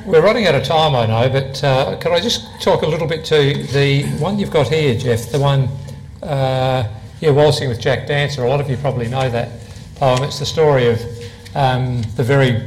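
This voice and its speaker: A man's voice: medium pitch, moderate pace, slight background noise, poor audio. A man interviewing a poet on stage before an audience, talking in a conversational, meandering way. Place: live event before an audience.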